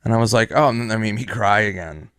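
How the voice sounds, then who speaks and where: A man's voice: lowish voice, fast, fairly bright tone, clean tone, no room sound. Male comic, laid-back storyteller, dry close sound. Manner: loose, swears freely, acts out both sides of a dialogue. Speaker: stand-up comic. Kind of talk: casual storytelling.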